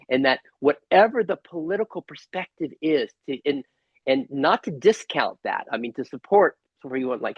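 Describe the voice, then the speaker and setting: A man hosting a casual spiritual conversation over a video call, earnest and halting, with many restarts. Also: medium pitch, slightly rough, no echo, dull audio. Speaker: host.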